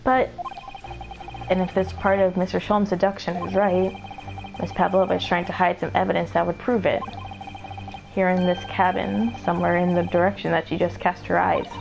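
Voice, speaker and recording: A woman's voice: fairly low pitch, flat delivery, moderate pace, vocal fry, rough recording. A woman voicing an earnest young male lawyer who thinks his case through aloud. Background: game music.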